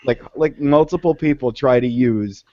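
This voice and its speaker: A man's voice: medium pitch, normal speed, no room sound, muffled recording. A man with a Massachusetts accent arguing his point insistently and swearing freely in casual podcast talk. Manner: argumentative, profane, insistent.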